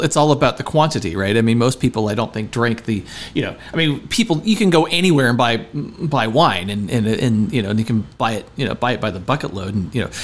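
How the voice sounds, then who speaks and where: A man co-hosting a podcast in casual chat, rambling and halting with many restarts. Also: mid-range voice. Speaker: podcast co-host.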